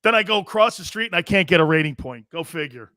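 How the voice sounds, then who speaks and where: A brash middle-aged man hosting a casual sports talk show, ranting loudly and talking straight to his viewers. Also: fairly high pitch, lively intonation, fast talker, dry recording, studio quality. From US Northeast. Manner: brash, loud, talks straight to chat viewers. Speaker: sports radio host.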